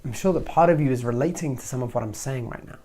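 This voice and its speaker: A man hosting a self-help video, talking to camera in a lively motivational way and acting out inner thoughts in hushed voices. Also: mid-range voice, fast talker.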